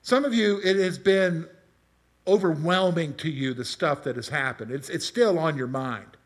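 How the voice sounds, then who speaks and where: A man's voice: fairly high pitch, moderate pace. A middle-aged man preaching a conversational sermon, asking his congregation questions and telling personal stories. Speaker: pastor.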